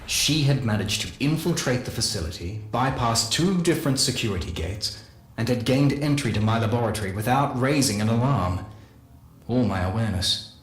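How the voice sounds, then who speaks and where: An actor playing a solemn male scientist narrating a game audio journal, measured and confessional. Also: mid-range voice, expressive, lightly acted. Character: solemn male scientist recounting guilty secrets. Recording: echoey voice with faint music.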